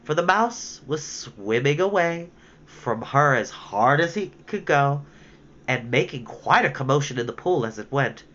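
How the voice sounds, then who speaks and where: A woman's voice: very deep voice, animated, a little slow, fairly bright tone. A woman reading a children's book aloud expressively, with casual asides. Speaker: storyteller. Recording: dull lo-fi with faint hiss.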